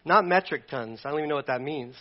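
A pastor with a fairly high voice talks fast through a casual, humorous sermon. He rambles playfully and often restarts or corrects his sentences. The recording is dull and lo-fi.

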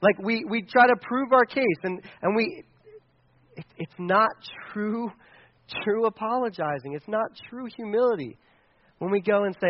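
A man preaching a sermon, animated and asking the audience questions. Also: high voice, normal speed, dull audio. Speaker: pastor.

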